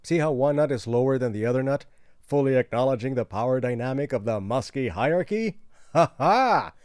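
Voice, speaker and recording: A man delivering a sarcastic comedy monologue, swinging between loud outbursts and hushed asides. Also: medium pitch, expressive, fairly quick, smooth, no room sound, clean studio sound.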